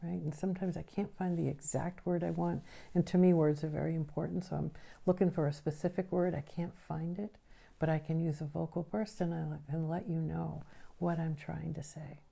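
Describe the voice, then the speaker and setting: A woman teaching a recorded lesson on the nervous system, explaining patiently and often checking in with a quick question. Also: lowish voice, steady tone, creaky, dark tone.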